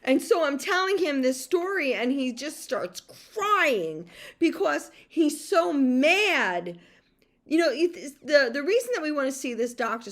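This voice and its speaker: A woman's voice: sits high, fairly bright tone. A middle-aged woman caregiver telling a personal story in an emotional monologue, venting with heated outbursts and frequent swearing. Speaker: podcast host and caregiver.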